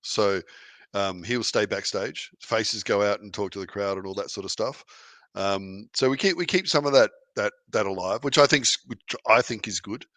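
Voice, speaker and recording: A man's voice: on the low side, moderate pace, fairly bright tone, dry recording. A man, a wrestler guest on a podcast, talking in a rambling, easygoing way with many restarts. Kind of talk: casual interview chat.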